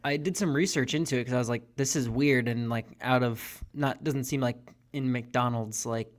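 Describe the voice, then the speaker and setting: A man's voice: mid-range voice, moderate pace. A man in his twenties chatting casually on a podcast, rambling with lots of fillers. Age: 20s. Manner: laid-back, rambling with many fillers. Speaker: co-host. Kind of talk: casual chat.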